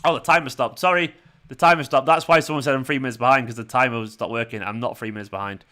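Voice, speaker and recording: Bright-voiced man chatting. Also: mid-range voice, steady tone, fast talker. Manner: chatty, reads out viewer comments, laughs a lot. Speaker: fan channel host. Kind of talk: live watchalong chat.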